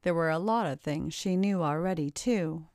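Woman narrator, low voice, dry close sound, measured storytelling, audiobook. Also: darkish tone, no room sound.

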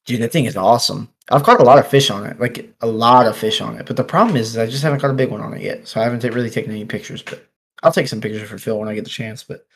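A man's voice: medium pitch, racing. Chatty man telling a fishing story. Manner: animated, laughs often, lots of "like" and "dude". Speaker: podcast guest angler. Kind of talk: casual storytelling chat. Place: office.

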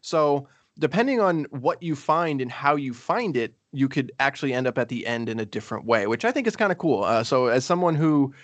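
A man's voice: medium pitch, animated, a little fast, few pauses, no echo. A man co-hosting a casual game review chat, rambling with many fillers and restarts. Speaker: podcast co-host.

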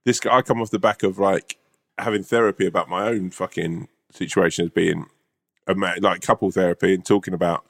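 A man's voice: low-pitched, level tone, a little fast, creaky, a bit bright. A man co-hosting a podcast in casual chat, blunt and swearing freely. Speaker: podcast co-host.

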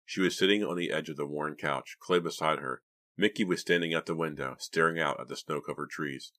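A man narrating an audiobook in a steady, measured storytelling manner. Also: very deep voice. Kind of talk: scripted narration.

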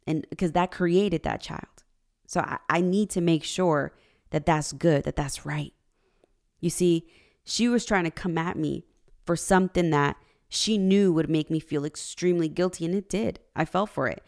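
Low raspy-fry woman preaching at her audience, direct, calls for amens. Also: moderate pace, darkish tone. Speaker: motivational speaker. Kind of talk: motivational talk to an audience.

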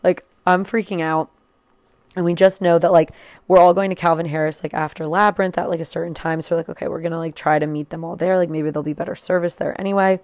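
A woman in her twenties telling a casual storytime, chatty and quick, full of "like" and acted-out quotes. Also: on the low side, fairly even intonation, a little mellow, dry recording. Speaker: vlogger.

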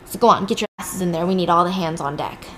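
A woman's voice: on the low side, fast, sharp tone, a little hiss or hum, voice pushed down. A woman voicing a coarse male asylum guard who barks a warning in a story recap. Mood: brusque.

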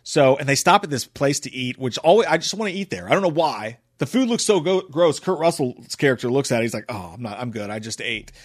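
A man's voice: fairly high pitch, expressive, fast, few pauses. A man casually recapping a movie in a rambling, profane, enthusiastic way. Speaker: movie reviewer.

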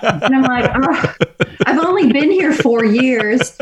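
A woman's voice: high-pitched, animated, slow pace, roomy sound, muffled recording, slight background noise. A middle-aged woman from Australia, a race director telling stories in a casual interview, chatty and often laughing.

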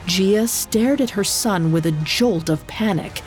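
A woman narrator reading a scripted myth in a measured, dramatic storytelling manner. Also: on the low side, vocal fry. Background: faint music.

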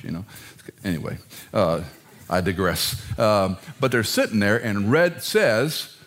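Animated middle-aged male preacher. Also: sits low, normal speed. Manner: animated, self-deprecating humor, acts out quotes. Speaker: pastor. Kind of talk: sermon.

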